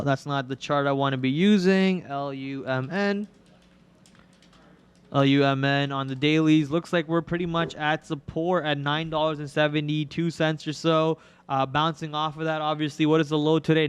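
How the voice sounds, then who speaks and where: Chatty young man with a smooth voice. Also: on the high side. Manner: rambling, chatty, filler-heavy. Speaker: stock trading livestream host. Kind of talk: casual live market commentary.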